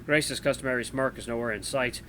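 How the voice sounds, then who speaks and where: A man reading and playing a story game aloud, expressive and thinking aloud between choices. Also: mid-range voice, brisk, slight background noise. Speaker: gameplay narrator.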